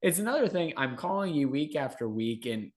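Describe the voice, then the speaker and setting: Lively man asking rhetorical questions. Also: on the high side, brisk. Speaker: podcast host. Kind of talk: casual interview.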